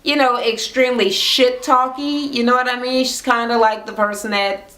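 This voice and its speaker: A woman's voice: on the high side, steady tone, normal speed, a bit bright. A woman recapping reality TV in a casual rant, blunt and swearing a lot. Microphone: camera mic. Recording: roomy echo.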